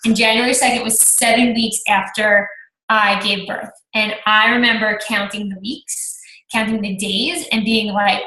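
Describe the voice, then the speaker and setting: A woman's voice: medium pitch, steady tone, moderate pace, bright, forceful tone, reverberant, rough recording. A woman in her thirties telling her own story on a group call, chatty, acting out her own past thoughts. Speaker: team coach sharing her story. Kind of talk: personal testimonial on a group call.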